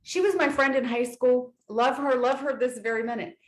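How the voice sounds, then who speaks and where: A woman's voice: sits high, moderate pace, roomy sound, poor audio. A woman podcast guest telling a funny story in casual chat, acting out what people said. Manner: lively storyteller, acts out quoted voices.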